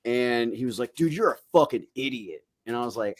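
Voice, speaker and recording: A young man chatting on a casual podcast, spinning a crude, rowdy story. He keeps jumping into quick impressions of the people in it and swears freely. His voice sits at an ordinary middle pitch for a man. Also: no room sound. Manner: profane, animated anecdote-telling with acted-out quotes. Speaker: podcast co-host.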